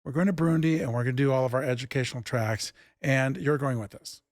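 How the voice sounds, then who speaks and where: A man who founded an improv theatre, telling stories in a casual interview and acting out the dialogue with lively jumps in pitch. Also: quick pace, dry recording, clean studio sound. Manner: animated, acts out quoted dialogue with big pitch jumps.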